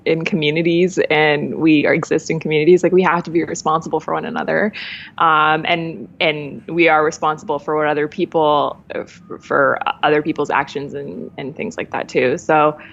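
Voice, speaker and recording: A woman's voice: low-pitched, a bit bright, highs cut off. A woman guest talking candidly in a casual conversation, laughing often and shifting her pace. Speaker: podcast guest.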